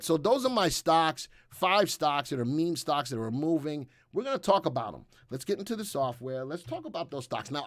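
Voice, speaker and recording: A man's voice: a little high, no room sound, clean studio sound. A man hosting a live stock market show, talking casually and rambling with fillers and asides. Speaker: livestream host.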